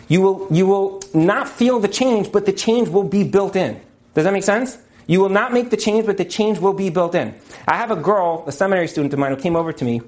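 A man's voice: high-pitched, a little mellow. A man giving a motivational religious talk as a teacher and counselor, emphatic and repeating his key points.

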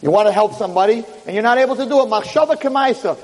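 A man, a rabbi lecturer, telling a dramatic story in a sermon with animated delivery. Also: high-pitched, racing, long reverb tail, rough recording.

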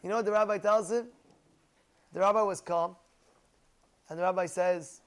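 High-voiced, lively Torah teacher. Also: male voice, fast talker. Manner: lively storyteller who laughs often and asks questions. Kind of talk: animated Torah lesson with stories.

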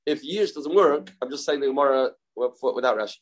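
A man's voice: mid-range voice, fairly quick, poor audio. A man with a Yeshivish accent teaching a daily Talmud lesson, repeating key phrases and asking and answering his own questions. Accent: Yeshivish English.

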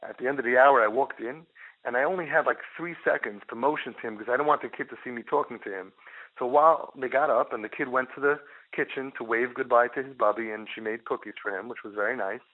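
A middle-aged man, a parenting guide, telling a case story in an animated way and repeating words for emphasis. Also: mid-range voice, fast talker. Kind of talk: storytelling talk. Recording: tinny phone-line sound.

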